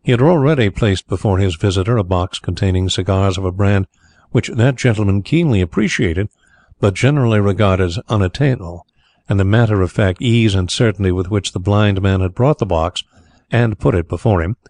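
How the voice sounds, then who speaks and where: A man narrating a story in a measured, even way. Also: on the low side, dry recording. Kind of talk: scripted narration.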